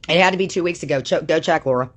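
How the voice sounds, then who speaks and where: Racing along in a deep voice, a woman on a livestream unleashes a furious rant, swearing constantly and calling people out.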